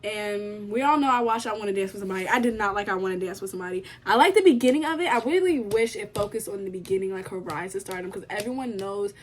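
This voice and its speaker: A woman's voice: mid-range voice, fast, few pauses. A young woman from the United States chatting casually to camera about what she has been watching, emphatic and given to repeating herself. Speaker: vlogger.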